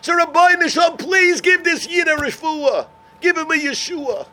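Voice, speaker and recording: A man voicing a revered elderly sage in a sermon story, speaking slowly and loudly in pleading prayer. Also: very high-pitched, a little hiss or hum, voice pushed up. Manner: loud, slow, impassioned pleading prayer.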